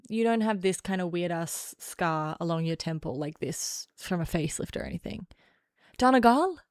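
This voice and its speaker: A young woman chats on her livestream in a rambling, sarcastic way. She answers chat as she goes. Her mid-pitched voice is recorded close and dry, with no room sound. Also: darkish tone, no room sound. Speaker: livestream host.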